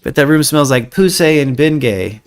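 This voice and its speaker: A man's voice: a little high, lively intonation, normal speed, smooth. A man co-hosting a podcast in casual banter, crude and joking, laughing often. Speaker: podcast co-host. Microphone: headphones and studio mic.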